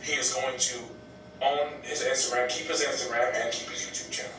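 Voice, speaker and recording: A man telling a story in a casual podcast interview, animated, blunt and profane, acting out what others said. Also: fairly quick, distant mic. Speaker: guest. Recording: echoey room, off mic, faint rumble.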